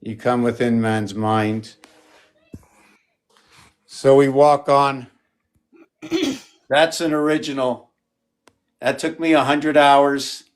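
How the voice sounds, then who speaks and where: A man showing his paintings on a live stream, talking in a rambling, playful way and jumping from excited exclamations to muttering. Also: mid-range voice, takes it slowly, pauses often, clean tone. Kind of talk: casual live-stream chat.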